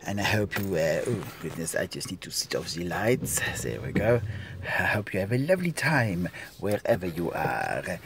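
A man's voice: low-pitched, sing-song, normal speed, creaky, noisy background. A man chatting casually to viewers in a live vlog, talking to himself as he goes, recorded on a phone inside a car. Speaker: vlogger.

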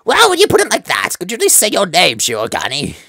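A man's voice: high-pitched, wildly swooping pitch, fast, gravelly, pushed and bright, no room sound, studio quality, voice pushed up, exaggerated voice. A man voicing a sleepy, absent-minded male quail teacher in a game playthrough. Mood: drowsy.

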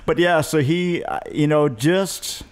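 A man's voice: on the high side, slow, clear, resonant tone. A middle-aged man, a guest musician, telling road stories in a rambling, self-deprecating way. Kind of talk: casual storytelling chat.

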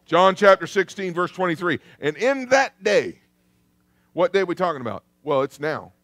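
Pastor guy preaching, chatty and lively, kinda high voice, dry close sound. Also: moderate pace, no echo. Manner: lively and conversational, calling on the congregation. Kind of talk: sermon. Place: church sanctuary.

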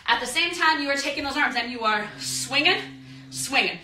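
A woman's voice: high voice, expressive, moderate pace, pushed and bright, recorded from a distance. A woman teaching a dance class, upbeat, counting beats aloud and chanting the rhythm. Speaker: dance instructor. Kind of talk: live online dance class. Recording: echoey room, voice off-mic, faint noise.

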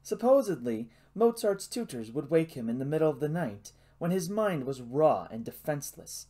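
A man narrating a novel as an audiobook in a hushed, suspenseful reading. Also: fairly high pitch, very animated, normal speed.

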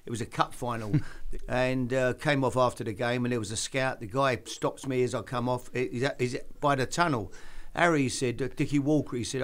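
A man's voice: medium pitch, a little fast. Older man telling football stories. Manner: chatty anecdote-telling with laughs, lively quoted voices. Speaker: host. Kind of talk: casual chat.

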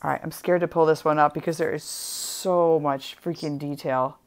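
A woman's voice: low voice, steady tone. A woman hosting a casual craft livestream, playful and giggly as she chats while stamping. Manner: playful, giggly, drawn-out delivery.

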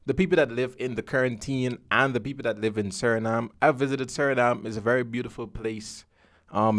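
A man's voice: medium pitch, no room sound, clean studio sound. A man from the Caribbean hosting a podcast in a loose, joking, conversational way. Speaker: podcast host. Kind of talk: casual podcast chat.

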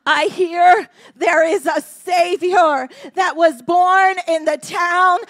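A woman pastor preaching in a church with a very high voice. She speaks slowly and deliberately, dropping to a hush and then rising to impassioned shouts. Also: fairly even intonation. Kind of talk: sermon. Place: church sanctuary.

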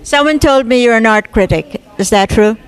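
A woman's voice: a little high, moderate pace, smooth. A woman hosting a TV interview show at a gallery opening, chatty and upbeat, with jokes about herself. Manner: chatty, upbeat, self-joking. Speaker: TV show host. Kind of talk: casual interview.

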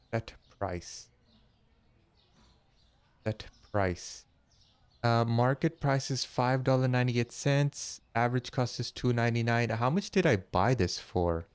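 A man hosting a casual let's-play, chatty and jokey, thinking aloud and counting money out loud as he goes. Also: medium pitch, clean tone, no echo. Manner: jokey, easily startled. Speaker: gaming channel host.

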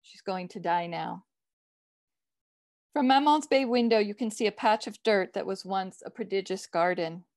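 Reading her own short story, a woman writer keeps a calm, even, literary pace. The audio is close and dry, without room echo, and her voice rests at a mid pitch for a woman.

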